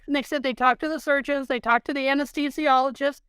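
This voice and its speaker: A woman's voice: high-pitched, steady tone, quick pace, fairly bright tone, no echo, studio quality. A woman guest on an interview show, earnestly recounting her own experience as a patient. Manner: earnest, emotional storyteller. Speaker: dental implant patient guest. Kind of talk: personal story in podcast interview.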